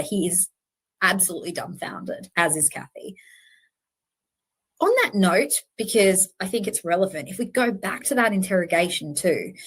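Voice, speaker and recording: A woman's voice: medium pitch, husky. Earnest woman hosting a true-crime commentary. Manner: earnest, animated, self-correcting, with many fillers. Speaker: true-crime channel host. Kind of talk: casual commentary to viewers.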